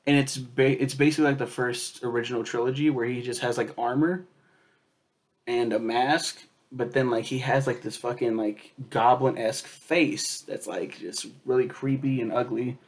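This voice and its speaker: A man reviewing a superhero film in a loose, rambling way, swearing often and filling pauses with um and like. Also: medium pitch, fairly even intonation. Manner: rambling, profane, lots of fillers and quoted asides.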